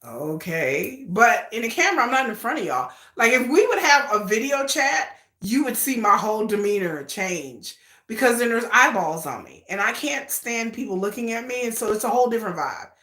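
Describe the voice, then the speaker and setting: Animated gushing woman in an echoey room. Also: on the high side, fairly quick. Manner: animated, laughing, gushing, acts out quotes. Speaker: livestream host. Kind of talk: casual livestream chat.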